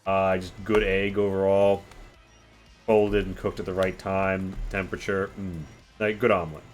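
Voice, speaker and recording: A man running a tabletop game as game master, narrating in a relaxed, rambling way with many fillers. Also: low-pitched, moderate pace, soft background music.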